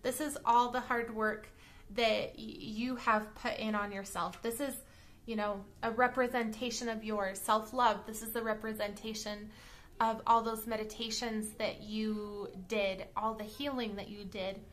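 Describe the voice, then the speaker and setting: Bright-voiced chatty woman reading tarot. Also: fairly high pitch, little pitch movement, measured pace. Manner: chatty, checks in often with "okay?" and "all right?"; blunt, with the odd swear word. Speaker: tarot reader. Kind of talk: casual tarot card reading to camera.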